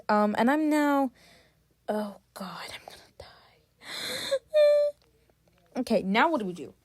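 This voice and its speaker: A young woman with a high, slightly mellow voice gives casual gameplay commentary, chatty and exasperated as she talks straight to her viewers. The gaming vlog has no room sound.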